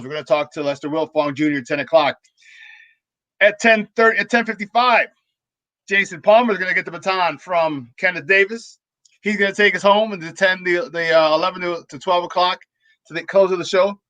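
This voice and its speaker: A man hosts a sports talk show, telling rambling, animated stories that keep restarting. His voice sits a little high and sounds bright and forceful. The sound is dry and close. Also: fairly quick, dry recording. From Chicago. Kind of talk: casual sports talk storytelling.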